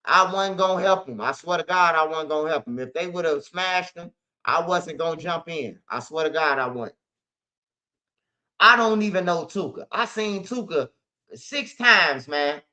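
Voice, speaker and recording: Bright-voiced man telling street stories. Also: a little high, normal speed. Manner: streetwise slang, repeats "bro" often. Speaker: host. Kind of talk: casual storytelling monologue. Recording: slightly dull lo-fi audio.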